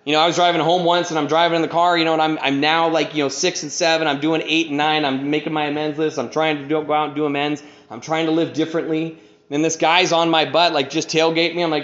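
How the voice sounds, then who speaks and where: A man's voice: on the high side, steady tone, fast, fairly bright tone. Man, casual storyteller, rambling and full of fillers, in an echoey room. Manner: rambling, heavy on "you know", acts out quoted people. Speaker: speaker sharing his recovery story. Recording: echoey room, dull lo-fi sound.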